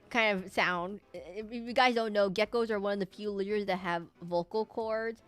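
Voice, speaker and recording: A woman's voice: mid-range voice, unhurried, fairly bright tone, soft background music. A young woman streaming while she draws, chatting casually in a rambling, giggly way that hops between tangents. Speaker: streamer drawing live. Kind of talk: casual chat while drawing.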